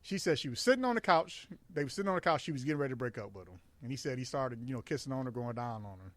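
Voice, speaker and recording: A man's voice: mid-range voice, lively intonation, rapid-fire, dry recording. A middle-aged man co-hosting a podcast, telling loose, crude stories in casual chat and laughing often. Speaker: podcast co-host.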